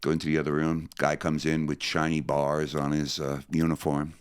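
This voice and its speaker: A man's voice: a bass voice, moderate pace, few pauses, clean tone. An older man from New Jersey telling his story as an interview guest, acting out the voices of the people in it. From New Jersey, USA. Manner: animated, acts out other people's voices. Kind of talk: storytelling in conversation.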